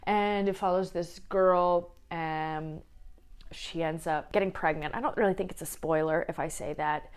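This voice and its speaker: A young woman chatting casually as a book vlogger, emotional and quick to laugh and tear up. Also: on the low side, fairly even intonation, clear, resonant tone. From small town, Midwest US. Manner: chatty, emotional, laughs and tears up while talking. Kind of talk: casual chat.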